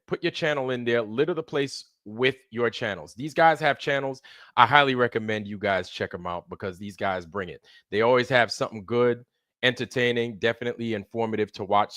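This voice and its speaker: A man's voice: fairly low pitch, fairly bright tone, no echo, clean studio sound. Hyped-up livestream host man. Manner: loose, hype greetings, repeats phrases. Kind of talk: casual live-stream chat.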